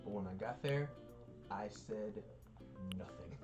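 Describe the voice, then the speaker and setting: A woman's voice: rumbling low, slow, over music. A woman hosting a game livestream, telling stories in casual chat and laughing often. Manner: animated storytelling, laughs often. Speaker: livestream host.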